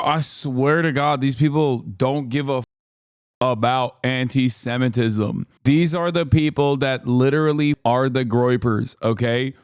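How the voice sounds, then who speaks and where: A man in his thirties riffs sarcastically over clips, swearing freely and jumping between mock outrage and laughter. His voice is smooth and resonant, recorded dry and close with no room sound. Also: a little high, no echo. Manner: profane, sarcastic, animated. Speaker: streamer reacting to videos. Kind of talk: casual streaming commentary.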